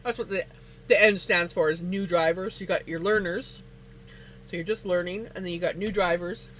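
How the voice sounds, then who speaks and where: A woman hosting a casual livestream, chatting while she knits and telling stories with lots of laughter. Her voice shoots up high when she gets excited. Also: moderate pace, a little hiss or hum, rough recording. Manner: animated storyteller, laughs often, voice climbs high when excited. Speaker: livestream host. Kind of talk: casual chat while knitting on stream.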